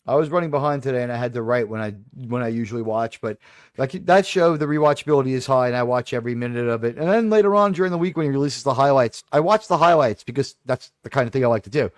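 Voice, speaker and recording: A man's voice: medium pitch, fast, no echo, clean studio sound. A man hosting a casual livestream chat, rambling and digressive with sudden aggrieved outbursts. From New York.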